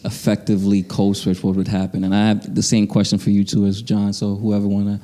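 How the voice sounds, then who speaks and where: A podcast host with a very low, flat voice and a dark tone asks questions. They speak in a measured, inviting way. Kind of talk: interview questions.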